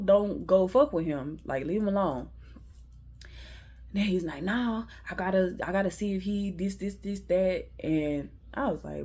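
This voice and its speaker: Animated young woman telling a story. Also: fairly low pitch. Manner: animated, laughing, profane, acting out quotes. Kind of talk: casual storytime.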